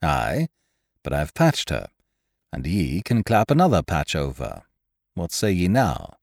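A man voicing a calm, shrewd male sea captain who bargains in an unhurried, commanding way. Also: low voice, vocal fry, dry recording, studio quality, full character voice.

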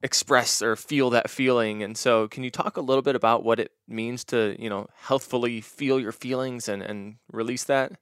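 A man interviews a guest, putting a reflective question to her in a smooth, resonant voice. The recording is dry and close, with mid pitch. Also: fairly even intonation, normal speed, few pauses, fairly bright tone, no echo.

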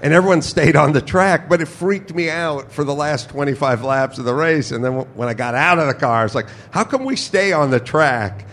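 A man who races cars, telling a lively story on a podcast at a busy trade show booth, acting out what people said. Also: fairly quick, hardly any pauses. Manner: lively, acts out quotes with rising pitch. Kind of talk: animated storytelling.

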